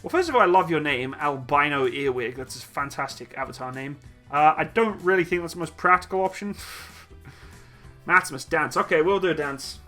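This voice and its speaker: A man's voice: fairly high pitch, lively intonation, moderate pace, pushed and bright. A man hosting a casual live Q&A stream, reading chat questions aloud in a jokey, laid-back way and laughing easily. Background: faint upbeat music.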